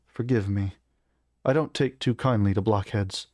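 A man's voice: fairly low pitch, normal speed, a little mellow, no room sound, lightly acted. Guy playing a cocky halfling adventurer, smug and teasing, dry close sound. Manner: smug, mocking. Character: cocky male halfling adventurer, sharp-tongued.

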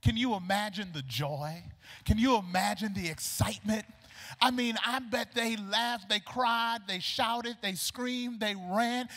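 A man preaches in a church with a strikingly high, ringing voice. His delivery is animated and colloquial as he plays out conversations between the people in his story. The sound carries the long echo of a large sanctuary. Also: a little slow. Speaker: pastor. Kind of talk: sermon. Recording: long reverb of a large hall.

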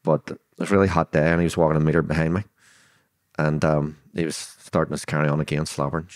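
Belfast man in his sixties, very low voice, blunt storyteller, swears freely, dry close mic. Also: flat delivery, fast talker, no echo. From Northern Ireland. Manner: vivid retelling that acts out quoted dialogue. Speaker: guest. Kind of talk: storytelling interview.

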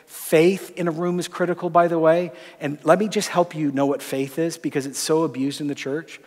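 Pastor teaching in a reverberant hall. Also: male voice, on the high side, flat delivery, normal speed. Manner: conversational, acts out dialogue, drops to soft tones. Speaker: pastor and lecturer. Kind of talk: sermon-style teaching with stories.

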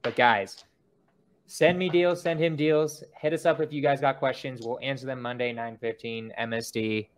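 A man's voice: medium pitch, steady tone, normal speed. A young man hosting a podcast, talking in a loose, rambling way with lots of fillers. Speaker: podcast host. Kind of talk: casual podcast chat.

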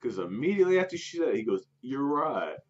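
A man's voice: mid-range voice, big pitch swings, very fast, a little mellow, husky. A man casually telling a story to a friend, laughing often and restarting his sentences. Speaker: podcast co-host telling a story. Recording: dull lo-fi sound.

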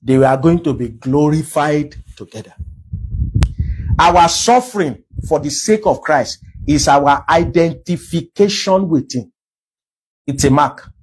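A man's voice: a little high, lively intonation, unhurried, husky, low-quality recording. A Nigerian man preaching a sermon as a pastor, emphatic and full of rhetorical questions.

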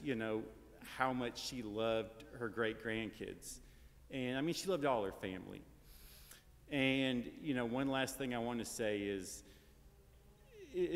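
Man, mid-pitched, casual eulogy, fillers and "right?" tags, long church reverb. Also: a bit bright. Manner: casual and anecdotal, tag questions and fillers. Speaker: grandson giving a eulogy. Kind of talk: funeral eulogy. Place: large church sanctuary.

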